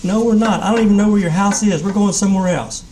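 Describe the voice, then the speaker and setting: A man's voice: high voice, fast talker, darkish tone, slight background noise, voice pushed up, natural voice. A man reading aloud and voicing an anxious young schoolboy who pleads in a raised voice. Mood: pleading. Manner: pleading, rising voice.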